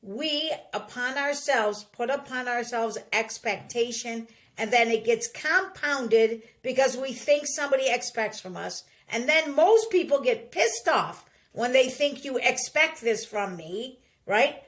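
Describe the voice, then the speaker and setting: A woman's voice: fairly high pitch, unhurried, few pauses. A middle-aged woman hosting a podcast, giving casual advice and acting out the voices of people she quotes. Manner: animated, acts out quoted voices. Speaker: podcast host.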